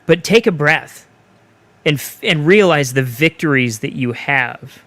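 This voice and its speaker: A man's voice: on the high side, lively intonation, measured pace, a bit bright, no room sound. A man co-hosting a podcast in casual chat, ranting bluntly and swearing freely. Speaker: podcast co-host.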